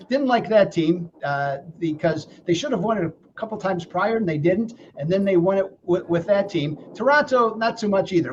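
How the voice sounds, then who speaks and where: A man's voice: sits high, a little mellow, lo-fi sound, slight background noise. A man giving sports betting analysis in rambling casual chat, stumbling through restarts.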